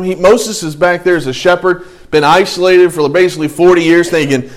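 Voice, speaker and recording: A man teaching a bible study to a group in a church room, lively, acting out the people in the passage as he reads. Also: on the high side, brisk. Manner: lively, acts out the speakers in the text. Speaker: pastor.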